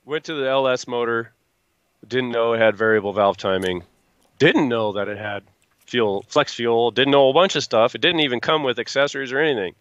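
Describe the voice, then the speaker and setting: Speaking fairly quickly in a medium-pitched, slightly bright voice, this man is a guest truck builder wandering through anecdotes and voicing the quotes of others. The recording has no echo but sounds muffled.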